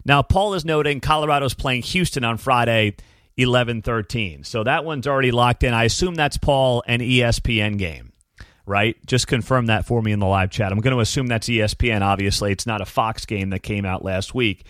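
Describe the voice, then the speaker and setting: A man's voice: mid-range voice, a little fast, fairly bright tone, no echo, clean studio sound. A man hosting a live-streamed college football talk show, with sarcastic asides and talking straight to his viewers. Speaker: sports talk host.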